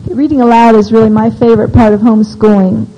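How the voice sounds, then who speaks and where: A woman giving a live seminar talk, opinionated and practical, tossing questions out to the audience. Her voice is mellow and dark. The recording sounds dull and lo-fi. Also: on the high side, flat delivery, fast talker, a little hiss or hum. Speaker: homeschooling seminar speaker.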